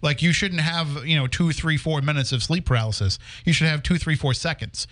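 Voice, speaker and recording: A man's voice: fairly high pitch, fairly quick, fairly bright tone. Curious man podcast host. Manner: curious, follows up with questions. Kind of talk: live podcast interview.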